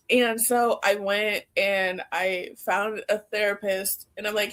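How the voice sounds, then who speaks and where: A woman's voice: mid-range voice, takes it slowly, fairly bright tone. Give me a young woman in a casual podcast chat who laughs as she talks. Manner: laughs often while talking, lots of "like". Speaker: podcast co-host.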